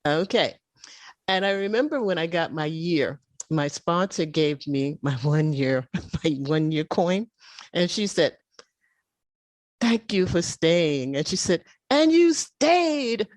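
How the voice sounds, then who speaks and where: A woman in her seventies sharing her personal recovery story at a meeting, telling it in an animated, emotional way. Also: low voice, takes it slowly, no echo. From United States. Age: 70s. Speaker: meeting speaker. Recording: video call audio.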